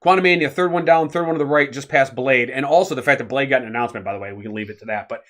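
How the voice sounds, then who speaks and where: A man co-hosting a casual podcast, explaining at length in an animated, rambling way with many fillers. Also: medium pitch, racing. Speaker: podcast co-host.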